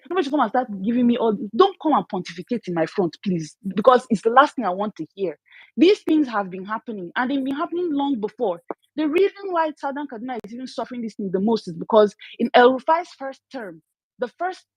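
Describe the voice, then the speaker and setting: Young Nigerian woman, angry and emotional, high voice, dry lo-fi online audio. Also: slightly rough, no room sound. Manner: emotional, angry, with many restarts. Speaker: speaker in an online audio discussion. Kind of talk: impassioned discussion.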